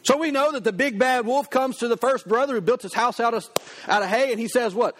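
High-voiced man preaching conversationally. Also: a little fast. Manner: lively, conversational storytelling. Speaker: pastor. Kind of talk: sermon.

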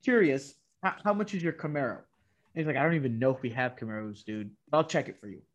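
A man chatting casually, telling a long story with many restarts and quoting salespeople in a flat voice. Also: medium pitch, fast talker. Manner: rambling, many restarts, quotes dealers in a flat voice. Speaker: guest telling a car story. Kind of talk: casual chat.

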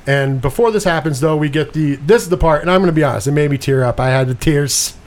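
A man co-hosting a podcast, casually retelling a film's plot with lively quoted lines and swearing. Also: on the high side, fast talker. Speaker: podcast co-host. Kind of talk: casual movie review chat.

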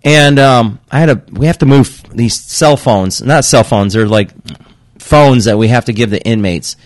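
A young man tells a story in casual podcast chat, cursing freely and slipping into quick impressions of the people involved. His voice sits at an ordinary pitch. The sound is close and dry. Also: no room sound. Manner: profane, animated storytelling, acting out quotes. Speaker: podcast guest telling a work story.

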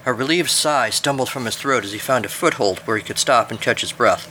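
A man's voice: medium pitch, a little fast, bright, forceful tone, a little hiss or hum. A man reading his own adventure story aloud with wry, playful narration.

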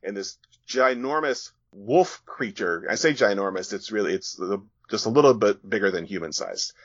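Man casually narrating, low voice. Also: moderate pace, no echo. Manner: relaxed storytelling with fillers and restarts. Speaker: guest author. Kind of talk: casual reading of a comic chapter. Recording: dull, dry sound.

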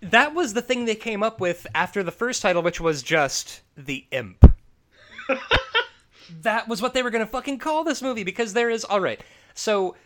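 A man hosting a casual movie review chat, talking in an animated, profane way and laughing often. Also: high voice, moderate pace, a little hiss or hum. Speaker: podcast host.

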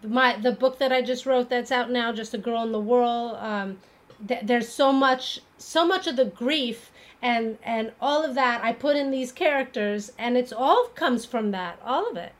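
A woman's voice: on the high side, measured pace. A woman hosting a casual chat, speaking earnestly about personal experience. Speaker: host.

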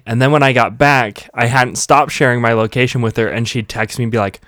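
A man's voice: medium pitch, fairly even intonation, a little fast, fairly bright tone, no room sound, studio quality. A man in casual podcast chat, telling stories, swearing when frustrated and laughing at himself.

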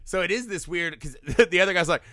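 Bright, excitable man reviewing a film. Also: high-pitched, no room sound. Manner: excited, profane, acts out scenes in quick bursts. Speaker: podcast co-host. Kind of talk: casual film review chat.

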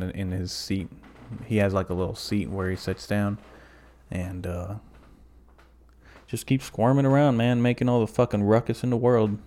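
Young male podcast host from the American South, lowish voice, swears freely, rambling comic monologue. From southern United States. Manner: profane, rambling, jokey deadpan bits. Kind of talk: comedic solo podcast monologue.

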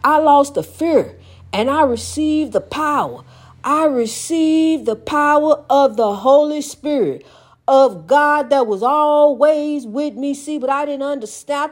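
High-voiced older woman preaching encouragement. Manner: preachy, exhorting, calls listener honey; rambling, repeats phrases. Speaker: vlogger. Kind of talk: spiritual pep talk.

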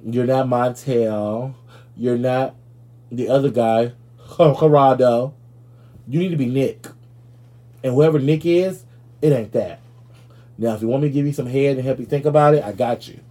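A man with a husky, dark voice hosts a sassy comedy commentary show. He rants brashly and profanely, dishing gossip in a rolling, opinionated delivery. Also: medium pitch, moderate pace, pauses often. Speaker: show host.

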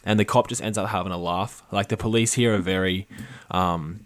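A man's voice: deep voice, steady tone, brisk, no echo. A man hosting a podcast, chatting thoughtfully with plenty of filler words. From Australia. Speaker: podcast host. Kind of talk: casual podcast chat.

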